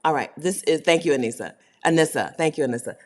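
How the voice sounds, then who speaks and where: Livestream host, woman, low voice with lively swings, chatty and quick to laugh. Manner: chatty, laughs often, talks straight to viewers. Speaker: host of a livestream for her community. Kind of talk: casual livestream chat, reading viewer comments.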